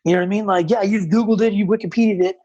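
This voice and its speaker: A man telling stories as a guest on a casual podcast, animated and rambling, with lots of fillers. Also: high voice, racing, muffled recording, a crowd in the background. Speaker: podcast guest, combat rescue officer.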